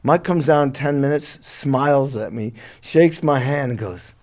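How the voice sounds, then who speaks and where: A middle-aged musician telling his career story in a relaxed interview, lively and a bit profane, laughing along. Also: medium pitch, measured pace, hardly any pauses. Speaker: guest musician.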